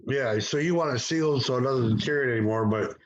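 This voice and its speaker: A man hosting a live video call chat, quickly agreeing and filling in with a friendly back-and-forth. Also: medium pitch, lo-fi sound. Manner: quick, affirming interjections. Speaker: host. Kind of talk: casual chat. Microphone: video call mic.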